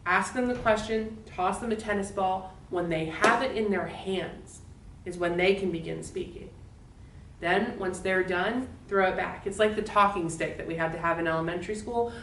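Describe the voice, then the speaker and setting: A woman's voice: medium pitch, distant mic, a little hiss or hum. Woman explaining steadily in a roomy space. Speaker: law instructor. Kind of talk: recorded lecture.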